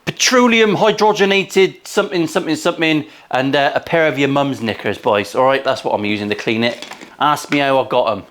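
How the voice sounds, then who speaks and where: A man's voice: medium pitch, a little fast, fairly bright tone. A man in his forties, a luthier giving casual workshop commentary full of cheeky, crude, sweary asides. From England. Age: 40s. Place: guitar workshop.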